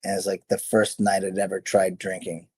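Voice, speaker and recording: A man's voice: deep voice, completely flat delivery, fairly quick, mellow, husky. A middle-aged man, a former fighter, telling stories in a casual interview, rambling, correcting himself and laughing often. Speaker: guest, former MMA fighter.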